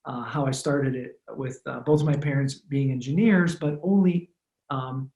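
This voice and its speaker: A man in his thirties, born in Romania, recounts his past in a relaxed, thoughtful manner, stopping often to restart a phrase. His voice sits at an average pitch. It rings with a clear room echo. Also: a little slow, muffled recording. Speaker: guest, former football punter. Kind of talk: casual interview storytelling.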